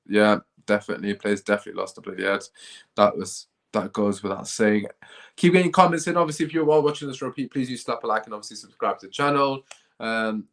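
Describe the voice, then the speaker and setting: A man's voice: on the low side, fairly bright tone. Dejected man reacting to football. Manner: dejected, rambling, sighing. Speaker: football channel host. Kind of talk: live match reaction stream.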